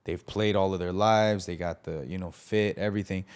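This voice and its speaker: Slangy storytelling man, lowish voice. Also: moderate pace, clear, resonant tone. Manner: animated, acts out the quoted lines of others; casual, slangy, many fillers. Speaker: podcast host. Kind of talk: personal storytelling on a podcast.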